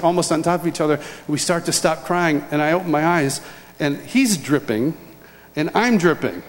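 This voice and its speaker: A man giving a humorous personal testimony, acting out scenes as he tells them. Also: on the high side. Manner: animated, acts out scenes and voices. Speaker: speaker telling a personal testimony. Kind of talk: humorous storytelling talk. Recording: large hall reverb, faint ambience.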